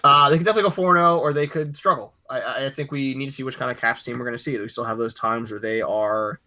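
A young man in his twenties co-hosts a casual sports podcast. His tone is bright and sharp, and he rambles, cracks jokes and corrects himself mid-thought. His pitch is ordinary for a man. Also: fast talker. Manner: rambling, self-correcting, joking. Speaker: podcast co-host.

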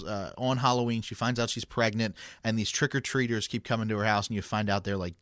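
A man co-hosts a casual sports podcast and chats easily, laughing often and restarting his sentences as he goes. His voice sits at an ordinary pitch. The recording is dry and close, with almost no room sound. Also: fairly bright tone, no echo. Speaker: podcast co-host.

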